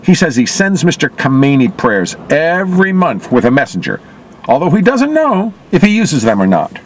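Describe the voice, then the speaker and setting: A man's voice: fairly high pitch, huge pitch swings, normal speed. A man reading news reports aloud and adding wry, sarcastic asides of his own. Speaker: commentator. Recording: loud traffic noise outdoors.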